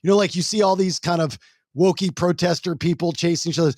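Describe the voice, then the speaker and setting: A man's voice: sits high, brisk, no echo, studio quality. A man hosting a casual podcast, telling stories bluntly and acting out other people's lines in mock voices. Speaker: podcast host. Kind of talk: casual chat.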